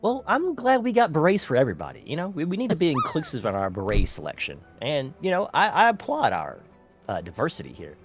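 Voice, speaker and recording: A man's voice: fairly high pitch, wildly swooping pitch, quick pace. A man playing a tabletop role-playing game, making joking, dry asides in casual chat. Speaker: player. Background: music.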